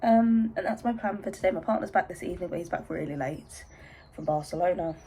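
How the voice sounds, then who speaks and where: Chatty English woman with a gravelly voice. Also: fairly low pitch, brisk, dark tone, low-quality recording. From England. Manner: chatty, rambling, self-interrupting. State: hay fever, out of breath and sneezy. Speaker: vlogger. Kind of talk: casual chatty vlog. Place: bedroom at home.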